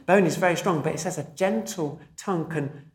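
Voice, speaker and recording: A man, a pastor, preaching a sermon in a measured, emphatic way, slowing down to stress key phrases. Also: fairly high pitch, roomy sound.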